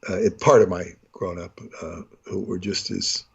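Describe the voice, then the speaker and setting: A husky-voiced man rambles through a casual chat, restarting his sentences and slipping into character voices. His voice comes through dull, lo-fi call audio. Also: low voice, fairly even intonation, moderate pace. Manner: rambling, full of fillers and restarts, acts out voices.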